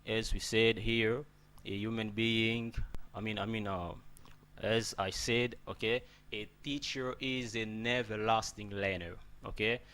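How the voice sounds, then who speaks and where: A man's voice: lowish voice, fairly even intonation, unhurried, fairly bright tone, clean tone. A man teaching an English pronunciation lesson, repeating words and checking in with "okay?" after nearly every point.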